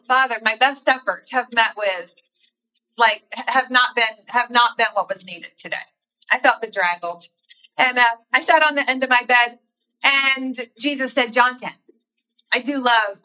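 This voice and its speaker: A woman giving a devotional talk in an earnest, personal storytelling way with soft asides. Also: high-pitched, rough recording. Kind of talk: sermon.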